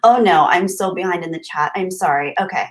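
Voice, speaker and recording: A woman's voice: fairly low pitch, brisk. A woman hosting a live stream, chatting casually and greeting viewers from the chat with gushing, friendly thanks. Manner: warm, gushing, chatty with frequent laughs. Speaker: livestream host. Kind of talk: casual livestream chat reading.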